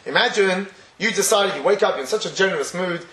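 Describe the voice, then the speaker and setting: A man teaches a Torah class in a fairly high voice. He keeps it conversational, chuckling often and acting out little everyday scenes. The echoey room rings around his words. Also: fast, a bit bright.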